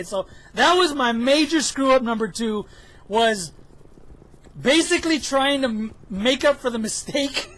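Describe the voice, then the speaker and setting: A man's voice: very high-pitched, a bit bright, poor audio. A man giving chatty, self-mocking commentary over his own gameplay footage, joking as he goes. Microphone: headphones with mic.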